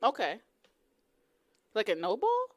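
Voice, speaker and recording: Giggly, animated woman podcast co-host. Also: medium pitch, slow pace. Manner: giggly, playful, asks lots of questions. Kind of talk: casual chat.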